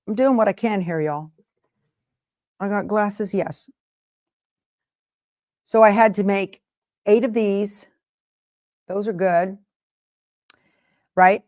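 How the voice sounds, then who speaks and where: Woman, livestream host, relaxed chatty delivery, digresses often, mid-range voice. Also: mid-range voice. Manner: rambling, jumps between topics and interrupts herself. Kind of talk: casual livestream chat, answering viewers.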